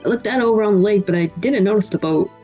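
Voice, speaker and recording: A woman voicing a gruff old male witness while reading game dialogue aloud, in a rambling, rushed way. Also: medium pitch, dark tone, highs cut off, soft background music, lightly acted.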